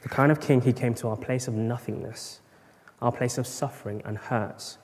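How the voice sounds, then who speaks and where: A man's voice: mid-range voice, fairly even intonation, normal speed, a little mellow. A man preaching a sermon at a morning church service, rhetorical, with bursts of emphasis. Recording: long reverb of a large church hall.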